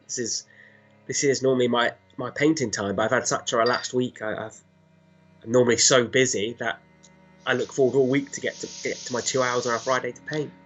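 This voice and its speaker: A man at a middle pitch chats easily as co-host, relaxed and quick to laugh. Faint music sits under his voice. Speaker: painting club co-host. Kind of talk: casual livestream chat.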